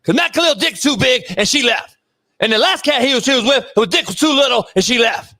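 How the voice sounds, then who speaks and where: A male co-host doing a comedic mock prayer and rant, profane, repeating "Lord" and "homie" and building to shouting. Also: very high voice, animated, brisk, dry recording, studio quality.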